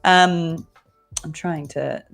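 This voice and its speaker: A woman's voice: sits low, fairly even intonation, very slow, gravelly, fairly bright tone. A young woman designer chatting casually while she draws on a livestream, thinking aloud as she goes. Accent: Australian-sounding but not Australian. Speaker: designer guest.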